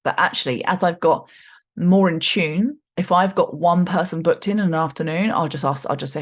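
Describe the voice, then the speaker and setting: A woman in her forties hosting a podcast, talking in a chatty, animated way with slangy asides. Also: fairly low pitch, moderate pace. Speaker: podcast host. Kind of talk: casual spiritual podcast monologue.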